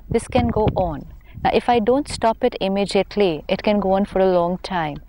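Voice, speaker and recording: A woman from India with an Indian English accent, explaining spiritual ideas in a patient, gently emphatic conversational way. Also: medium pitch, normal speed, slight background noise. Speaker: spiritual teacher.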